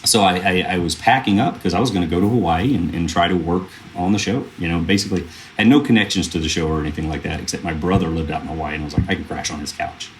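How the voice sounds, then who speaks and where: Deep-voiced man telling earnest stories. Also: quick pace, a little hiss or hum. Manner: earnest, rambling with many fillers and restarts. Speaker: film producer, podcast guest. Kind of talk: casual interview storytelling.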